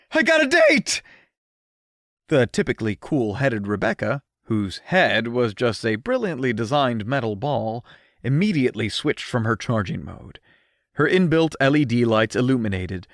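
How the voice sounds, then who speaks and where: A man narrating an audiobook in an expressive first-person storytelling manner, recorded on a close studio mic. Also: medium pitch, dry recording.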